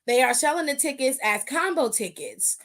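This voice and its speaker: A woman's voice: high-pitched, big pitch swings, moderate pace, fairly bright tone. Sassy woman hosting a wrestling aftershow. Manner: sassy, talks back to chat with pet names. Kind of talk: casual livestream chat.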